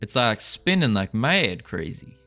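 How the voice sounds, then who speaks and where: Lively, bright-voiced man musing while coding. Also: on the low side, unhurried, faint music behind. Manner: rambling, thinking aloud with small restarts. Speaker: game developer streaming. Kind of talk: casual livestream chat while coding.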